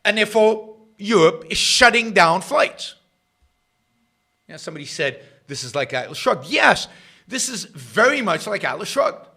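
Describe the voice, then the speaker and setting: Animated, sarcastic male commentator. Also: high voice, unhurried, creaky, slightly rough. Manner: sarcastic, animated, swings between loud jabs and muttered asides. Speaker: podcast host. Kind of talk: opinionated political commentary.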